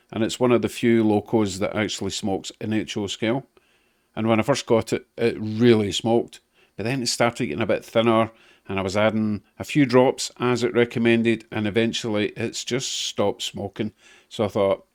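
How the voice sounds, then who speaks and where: A man giving a chatty step-by-step repair tutorial at his hobby workbench, with easygoing asides. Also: fairly low pitch. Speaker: model railway hobbyist.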